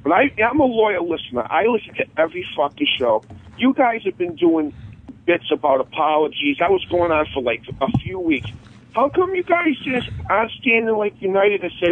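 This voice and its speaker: A man's voice: sits high, lively intonation, moderate pace. A man calling in to a radio show, ranting heatedly and swearing as he confronts the hosts. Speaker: caller. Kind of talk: angry call-in rant. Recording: tinny phone line.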